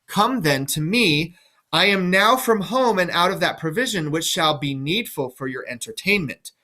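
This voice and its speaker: Brief: cold young princess, clipped and dismissive, high bright read by a man. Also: lively intonation, moderate pace.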